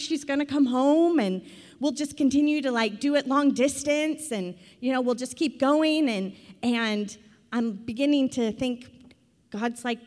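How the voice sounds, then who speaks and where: Chatty woman preaching in a reverberant sanctuary. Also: a little high. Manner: chatty, self-deprecating storyteller with lively quoted asides. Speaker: pastor's wife preaching. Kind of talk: conversational sermon. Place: church sanctuary. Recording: long hall reverb.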